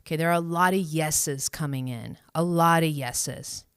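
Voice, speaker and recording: A woman hosting a live stream as a spiritual coach, speaking gently and reassuringly, laughing often and acting out inner voices in a high cheery tone. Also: moderate pace, clean tone, no echo, studio quality. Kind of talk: live-stream guidance, answering viewer questions.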